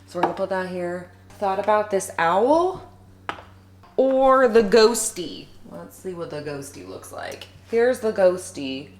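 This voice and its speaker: A woman talking casually to her viewers while she decorates, upbeat and chatty, thinking aloud as she goes. Her voice sits at a middle pitch and carries a roomy echo, picked up by a camera set back while she moves around. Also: animated, measured pace, slight background noise. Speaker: home decor vlogger. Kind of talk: casual decorating vlog chat. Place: home living room by a fireplace.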